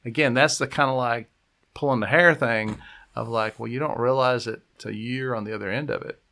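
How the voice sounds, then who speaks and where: A man's voice: medium pitch, steady tone, brisk, creaky, sharp tone. A man, a pastor, talking casually in a conversation, rambling with restarts and acting out quotes. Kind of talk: casual conversational podcast talk.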